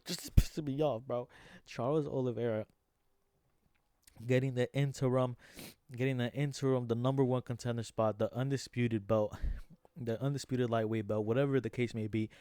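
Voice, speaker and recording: A man's voice: medium pitch, fairly even intonation, moderate pace, warm tone, no room sound, clean studio sound. A young man ranting in casual reaction commentary about fights, slangy and frustrated, saying "bro" a lot. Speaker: MMA vlogger.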